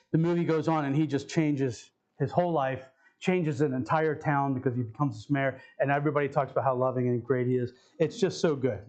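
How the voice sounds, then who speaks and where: A man's voice: on the high side, a little mellow, dull audio. A male pastor giving a conversational sermon, often repeating key phrases for emphasis. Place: church sanctuary.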